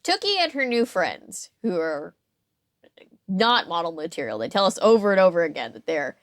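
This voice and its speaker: A woman's voice: fairly low pitch, sing-song, normal speed. A woman co-hosting a podcast in casual chat, talking in a chatty, amused way with plenty of fillers and restarts. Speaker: podcast co-host.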